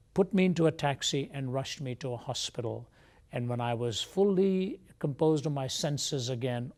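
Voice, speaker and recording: A man as an interview guest, telling a personal testimony in a measured, reflective way. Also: mid-range voice, gravelly, a little mellow. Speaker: guest speaker.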